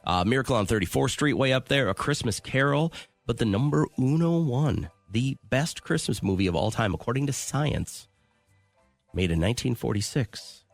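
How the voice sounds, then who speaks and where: A man co-hosting a radio show in casual banter, his pitch rising and falling in a lively way. He sounds enthusiastic and teasing, with faint music running behind him. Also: moderate pace, creaky, no echo.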